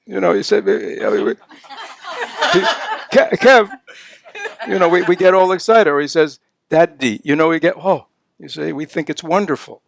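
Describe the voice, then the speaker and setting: High-pitched and creaky, his voice stays fairly even in intonation and moves a little fast. The older man is a Buddhist dharma teacher at a retreat, chatting conversationally with lots of "you know" and "right?" and sometimes acting out playful baby talk.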